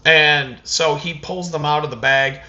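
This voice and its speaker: A man's voice: on the high side, measured pace, dull audio. A man telling a story in a casual vlog rant, swearing often and acting out what people said to him. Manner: profane, animated storytelling with acted-out quotes. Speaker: vlogger.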